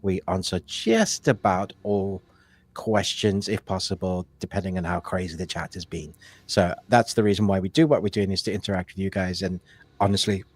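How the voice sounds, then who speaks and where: Low-pitched guy co-hosting a live movie stream, rambly and full of ums, dry close sound. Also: fairly even intonation, moderate pace, dry recording. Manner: rambling, filler-heavy, self-correcting. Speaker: co-host of a live movie show. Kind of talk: casual live-stream chat.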